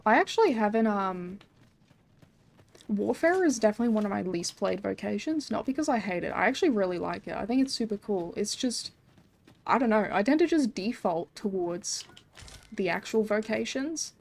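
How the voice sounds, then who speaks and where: While streaming a game, a young adult Australian woman keeps up casual chat peppered with fillers and frequent curses. Her medium-pitched voice has vocal fry and lively intonation, at a normal speed.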